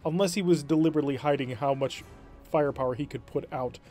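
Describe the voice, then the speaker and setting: A man's voice: a little high, quick pace, mellow, soft background music. A man commentating his own strategy game session, thinking aloud and explaining tactics. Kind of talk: let's-play commentary.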